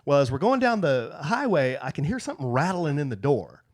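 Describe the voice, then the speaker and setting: A man's voice: fairly high pitch, brisk. A man in his forties co-hosting a podcast, telling a story in casual chat. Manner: animated anecdote-teller. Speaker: podcast co-host.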